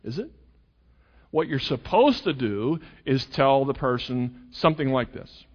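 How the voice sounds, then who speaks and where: A man's voice: mid-range voice, expressive, a little slow. A male pastor preaching a sermon, acting out quoted voices with sarcasm. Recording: dull sound with long hall reverb.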